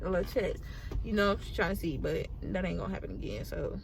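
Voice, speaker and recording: An eighteen-year-old woman vlogger telling a casual storytime, animated and full of slang and swearing. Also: on the low side, brisk, vocal fry, a little hiss or hum.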